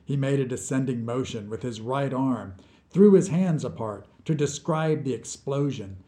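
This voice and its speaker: A man reading his own short story aloud as scripted narration, with slow, deliberate storytelling. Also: mid-range voice, mellow.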